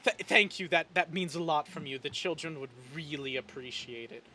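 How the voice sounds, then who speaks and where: A flustered young woman who runs an orphanage, as a man puts her on for a tabletop game. She stammers through her thanks in a high, bright voice. Faint room ambience sits behind her. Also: moderate pace, a little hiss or hum. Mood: grateful. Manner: stammering, eager. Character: young woman running an orphanage, nervous and grateful.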